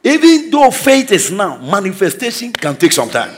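High, lively preacher man. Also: moderate pace, few pauses. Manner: exclaiming declarations, swinging between soft asides and shouts. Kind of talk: energetic sermon with storytelling.

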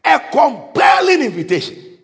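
A male pastor delivers a lively sermon in a high, bright voice that leaps up and down. He bursts into sudden shouts and chuckles at his own anecdotes. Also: moderate pace. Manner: animated preaching, sudden shouts, laughs at own stories. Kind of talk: energetic sermon.

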